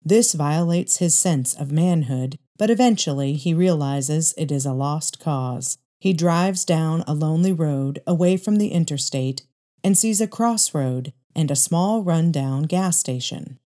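A woman narrating a dramatic story aloud in a measured, steady way. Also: low-pitched.

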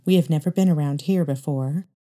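A woman plays a gentle, worn-down mother in a spoken story, soft and pleading, a little higher than the narration. The tone stays warm and mellow. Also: a little fast, natural voice.

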